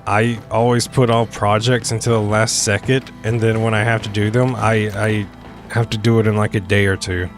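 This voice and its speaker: A man's voice: on the low side, little pitch movement, moderate pace, soft background music. A young man casually commentating while playing a game, rambling, joking and interrupting himself. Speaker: streamer.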